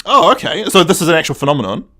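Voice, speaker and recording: A man co-hosting a podcast, casually recapping an episode and acting out the characters in quick asides. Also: a little high, very animated, pushed and bright. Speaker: podcast co-host.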